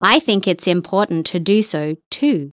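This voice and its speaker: A woman reading English listening-test passages slowly and with careful enunciation. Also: lowish voice, lively intonation, no room sound, studio quality. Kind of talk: scripted exam reading.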